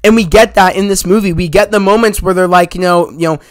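A man with a dry, close sound talks through a spoiler review in a loose, rambling way, packing his sentences with "you know" and "like." He gets excited as he retells the scenes, and his voice sits high for a man. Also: quick pace, no room sound. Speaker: movie review channel host.

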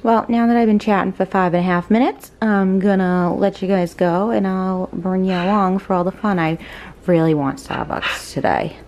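A woman's voice: medium pitch, moderate pace, a little mellow. A young woman with a Boston accent chatting casually to her phone camera in a vlog. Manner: chatty, coos baby talk to her dog. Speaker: vlogger. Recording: noisy phone recording.

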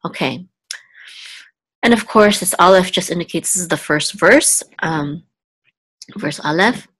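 A woman teaches biblical Hebrew step by step, sounding out each word slowly and often pausing to ask "okay?". Her voice sits a little low, and the recording is dry and close. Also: lively intonation, fairly bright tone, husky, dry recording. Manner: patient, repeats words, checks in with "okay?". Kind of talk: slow step-by-step language lesson.

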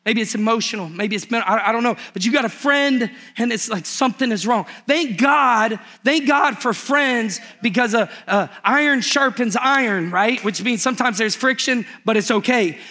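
Male pastor, high voice, animated comic storytelling in a church sermon. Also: normal speed, few pauses. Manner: animated storytelling, acts out the characters with humor.

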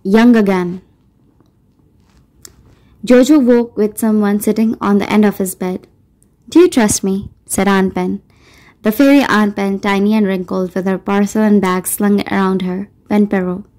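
A woman narrating an audiobook in a measured, softly expressive storytelling manner. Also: medium pitch. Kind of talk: scripted narration.

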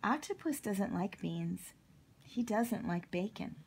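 A mom reading a children's picture book aloud. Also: female voice, mid-range voice, expressive, slow pace, gravelly, slight background noise. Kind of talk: storybook read-aloud.

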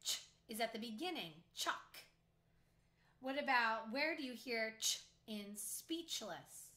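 Woman teacher, bright tone, unhurried phonics drill for little kids, echoey room. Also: on the high side, animated. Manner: clearly sounding out letters one by one. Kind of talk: slow phonics lesson for young children.

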